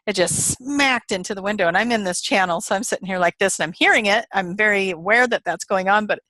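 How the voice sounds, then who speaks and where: A woman's voice: medium pitch, fast talker, no room sound. Woman guest telling a spiritual story. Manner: animated retelling with quoted voices and laughs. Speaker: interview guest, hypnotherapist. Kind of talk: casual storytelling in an interview.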